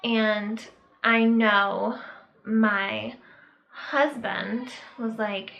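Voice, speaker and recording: A young woman telling a personal story to camera in a casual vlog, halting and reflective, with many fillers and pauses. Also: a little high, steady tone, dull audio. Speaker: vlogger.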